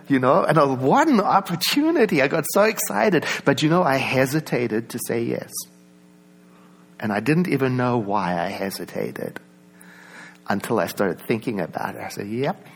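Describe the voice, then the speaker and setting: A man with a South African accent giving a reflective personal talk, conversational, with many asides and soft laughs. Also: mid-range voice, breathy edge. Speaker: speaker.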